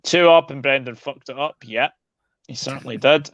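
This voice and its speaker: A man's voice: medium pitch, normal speed, no echo, muffled recording. A man hosting a casual football show, chatting and reading out viewer predictions. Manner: relaxed, reads out viewer predictions.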